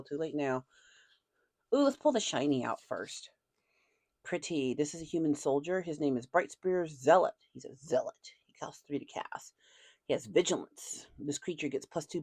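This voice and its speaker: A middle-aged woman with a low, animated voice hosts her own card game channel. She chats and rambles between packs, slipping in casual slang. The sound is close and dry. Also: no echo. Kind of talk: casual chat while opening card packs.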